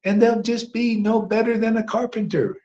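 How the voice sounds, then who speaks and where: A man giving an informal devotional sermon, rambling and emphatic, dropping to hushed asides and rising to loud outbursts, with slangy "man" and "you know" throughout. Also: high voice, steady tone, moderate pace, highs cut off. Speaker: devotional teacher leading a chanting gathering.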